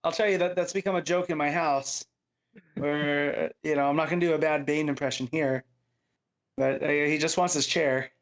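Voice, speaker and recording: A man co-hosting a comics podcast, chatting and joking casually. His voice sits a little higher than most men's. The recording sounds somewhat muffled. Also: fairly even intonation, moderate pace. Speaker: podcast co-host. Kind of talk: casual comic review chat.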